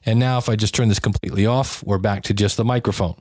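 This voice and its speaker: A man's voice: on the low side, fairly even intonation, fast, a little mellow, no room sound, studio quality. A man hosting a podcast, demonstrating gear in a chatty, wry and upbeat way. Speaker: podcast host. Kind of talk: casual gear demo.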